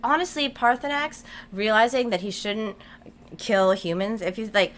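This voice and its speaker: A woman's voice: mid-range voice, moderate pace, fairly bright tone, slight background noise. A woman guest on a podcast, chatting casually and animatedly, giggling often, with lots of fillers. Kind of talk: casual chat.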